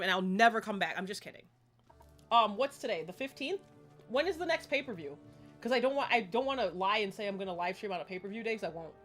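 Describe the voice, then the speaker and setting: A woman's voice: mid-range voice, sharp tone. A woman chatting casually while streaming a game, rambling and laughing often. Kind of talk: casual live-stream gaming chat.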